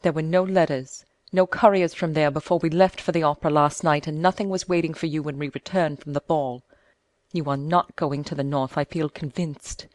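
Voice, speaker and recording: A woman's voice: sits low, fairly even intonation, darkish tone, no room sound, natural voice. A woman doing an anxious, pleading noblewoman. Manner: quick and feverish, pleading. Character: impulsive, anxious young noblewoman and wife.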